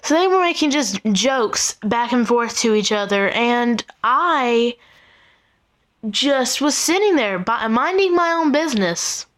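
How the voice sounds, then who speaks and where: A woman's voice: on the high side, animated, slow, fairly bright tone. A teenage girl telling a story to her viewers in a rambling, exasperated way, full of "like" and "um". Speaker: vlogger. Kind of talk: casual storytelling.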